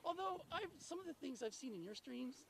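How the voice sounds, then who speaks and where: A woman's voice: high-pitched, animated, a little fast, gravelly, a crowd in the background, poor audio. A woman from New Mexico chatting casually outdoors, reflecting on her life. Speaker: viewer met in person. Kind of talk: casual chat. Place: outdoors by a road.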